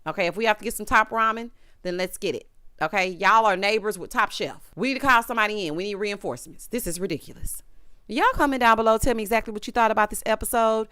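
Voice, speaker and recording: A woman's voice: medium pitch, quick pace, a bit bright, clear, resonant tone, no room sound, studio quality. A woman recapping a reality TV episode in casual, sassy commentary, talking straight to her viewers.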